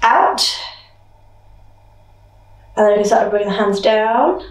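A young woman dance teacher thinking aloud as she choreographs, counting beats with vocal sounds like boom and dum. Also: animated, takes it slowly, long pauses, dull audio. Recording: roomy echo, mic at a distance.

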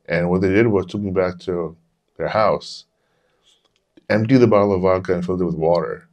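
A man in his forties with a very deep, low voice talks casually on a podcast. He rambles through candid personal stories and curses freely as he goes. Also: moderate pace, pauses often, a little mellow. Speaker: podcast host. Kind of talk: casual storytelling chat.

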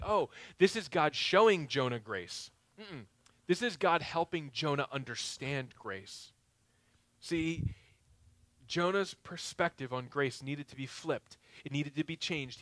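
A male pastor preaching a sermon in a conversational way, with joking asides, swinging between loud and quiet. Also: a little high, no echo.

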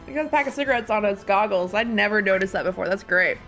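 A woman's voice: medium pitch, quick pace, fairly bright tone, soft background music. A woman streaming a video game, chatting and giggling while she reads the game text aloud. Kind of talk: let's play commentary.

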